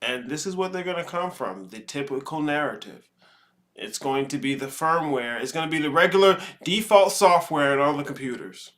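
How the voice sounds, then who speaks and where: A man's voice: on the high side, lively intonation, moderate pace, fairly bright tone. Profane man lecturing on a commentary show. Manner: profane, lecturing, heavy on analogies. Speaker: show host. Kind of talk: reaction commentary.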